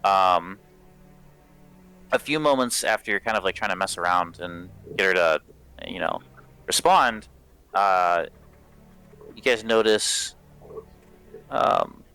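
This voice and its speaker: A man's voice: deep voice, animated, slow, long pauses, pushed and bright, clear, resonant tone, soft background music. A man narrating as game master of a tabletop game, in a casual, rambling way with many fillers.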